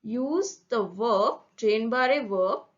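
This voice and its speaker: A woman's voice: on the high side, extremely slow, highs cut off. A woman teaching a German grammar lesson, explaining carefully and repeating example words so they can be drilled.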